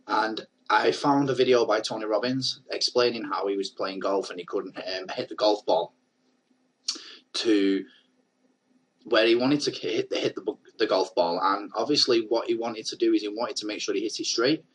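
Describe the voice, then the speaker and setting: A man with a husky, low voice gives marketing advice straight to the camera. He talks in a chatty, earnest way that rambles a little as he explains. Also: normal speed, fairly bright tone, poor audio. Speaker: network marketing coach. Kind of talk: casual talking-head video.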